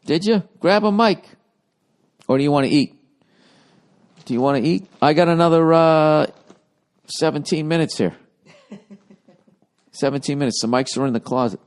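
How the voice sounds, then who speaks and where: A man's voice: a little high, normal speed, long pauses. A man hosting his podcast, rambling through a profane, self-mocking monologue in casual chat. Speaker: podcast host.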